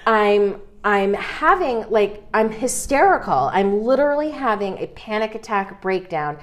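A woman's voice: mid-range voice, big pitch swings, unhurried. A woman podcast co-host telling a story in a casual, comic way. She swears freely and laughs as she talks.

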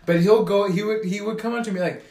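A young man on a podcast, swearing freely and acting out the people in his story as he tells it. His voice sits a touch high for a man. The recording has a noticeable room echo. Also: fast talker. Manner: profane, animated storytelling with mimicked quotes. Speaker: podcast co-host. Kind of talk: casual podcast chat. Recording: echoey room.

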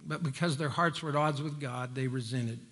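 A middle-aged man preaching a sermon in a church, folksy and joking, climbing higher when he presses a point. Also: a little fast, fairly bright tone. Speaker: pastor. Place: church sanctuary.

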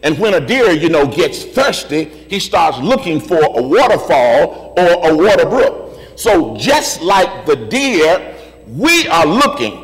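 A man preaching a sermon, repeating his phrases in a steady rhythm and building up to shouted refrains. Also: on the high side, slow pace, in a large hall, low-quality recording. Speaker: pastor.

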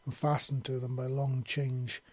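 Male fiction narrator, steady delivery, dark husky timbre, dead-dry recording. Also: medium pitch, unhurried, no echo. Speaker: audiobook narrator.

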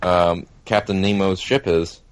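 A man co-hosting a casual podcast chat, grumbling and complaining with drawn-out emphasis. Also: low voice, steady tone, slight background noise. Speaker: podcast co-host.

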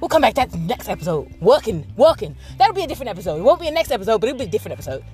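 A woman's voice: fairly high pitch, very animated, very fast, a little mellow, soft background music. A woman hosting a casual solo podcast, ranting bluntly and swearing as she tells stories. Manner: profane, blunt, ranting storyteller. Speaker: podcast host.

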